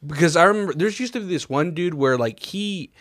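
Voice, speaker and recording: A man's voice: on the high side, lively intonation, fairly quick, a bit bright, no echo. Rambling man, dry close sound. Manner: rambling with frequent fillers and swearing. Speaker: podcast co-host. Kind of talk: casual chat.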